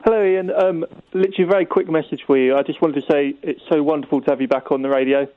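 A male caller phoning into a radio show, quick and friendly. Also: on the high side, fairly even intonation, dry recording. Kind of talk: phone-in call. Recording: tinny phone line.

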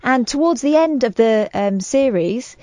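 A woman's voice: fairly high pitch, lively intonation, unhurried, warm tone, no echo. A woman co-hosting a radio show, recounting a story in a chatty, teasing way. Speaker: radio co-host. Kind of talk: casual studio chat. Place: radio studio.

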